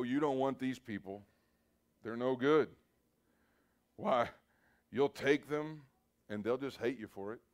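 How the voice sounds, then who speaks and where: A man's voice: medium pitch, close to an everyday voice. A man voicing a gloating, boastful male devil in a sermon story, with a sneering, drawling delivery. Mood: scornful.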